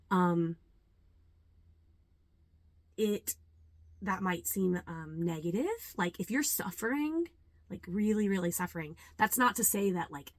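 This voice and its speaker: A young adult woman, a yoga teacher, talking earnestly and reflectively to camera, with many ums and pauses. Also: lowish voice, no echo. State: a little nervous. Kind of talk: casual talk to camera.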